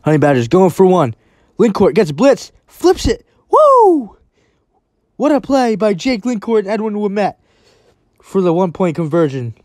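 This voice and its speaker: During this live broadcast, the commentator sounds calm for everyday snaps yet breaks into excited shouts whenever a big play lands. He has a medium pitch and moderate pace, with studio-quality audio and no room sound.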